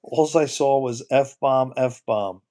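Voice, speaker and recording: A man's voice: medium pitch, slow pace, mellow. A man hosting a casual livestream, rambling and repeating his words, often breaking into disbelieving exclamations. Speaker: livestream host.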